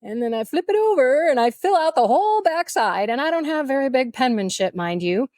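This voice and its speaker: Animated woman telling a testimony. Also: high voice, fairly quick, dry recording, studio quality. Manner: animated, humorous, emotional storytelling. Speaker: podcast guest. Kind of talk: storytelling testimony.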